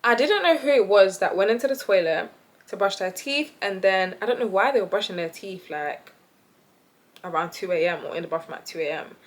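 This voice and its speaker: A young woman who tells a story in a casual, animated, chatty way and laughs often. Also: mid-range voice, fairly quick. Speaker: vlogger.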